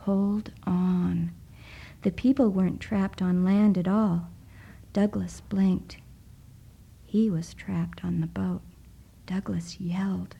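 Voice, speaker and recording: A woman narrates a story in a hushed, often whispered voice. She reads slowly and lingers over every phrase. Her tone is very dark and mellow. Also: medium pitch, steady tone, creaky, slightly rough, poor audio. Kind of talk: soft-spoken story reading.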